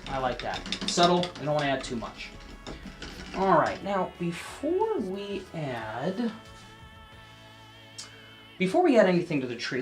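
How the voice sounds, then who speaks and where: A man giving a casual painting lesson, chatting to the viewer and often checking in, sometimes dropping to a soft near-whisper as he works. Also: a little high. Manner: drops to a soft near-whisper while working. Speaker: painting instructor.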